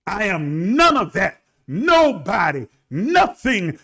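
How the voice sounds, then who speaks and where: A man preaching a livestreamed sermon, building from low talk to shouted emphasis and calling on listeners to respond. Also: expressive, unhurried. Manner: calls on online listeners to respond.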